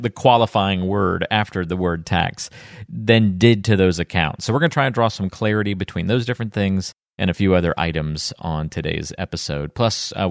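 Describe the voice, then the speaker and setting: Male podcast host, upbeat and chatty, lower register, dry close mic. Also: creaky, dry recording. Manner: upbeat, chatty, laughs easily. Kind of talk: casual podcast chat.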